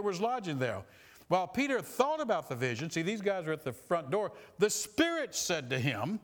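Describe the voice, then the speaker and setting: A man preaching a sermon in a folksy, animated way, retelling scripture in plain talk. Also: a little high. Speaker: pastor.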